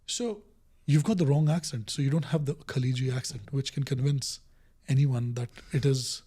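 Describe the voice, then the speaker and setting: Speaking at a moderate pace in a mid-range voice with a breathy edge, a middle-aged man tells a story as a guest in an interview. He's an innovation director and an animated storyteller who acts out the dialogue he quotes.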